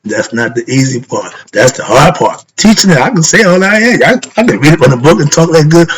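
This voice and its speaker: A man's voice: fairly high pitch, animated, brisk, few pauses, slight background noise, poor audio. Emphatic man teaching with rhetorical questions. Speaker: spiritual teacher. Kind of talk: informal spiritual lesson.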